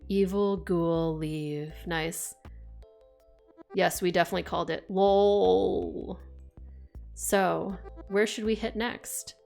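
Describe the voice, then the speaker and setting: A young woman streaming a game live, reading the text aloud and chatting in an expressive, casual way that includes swearing. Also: mid-range voice, slow pace, creaky, pauses often, soft background music.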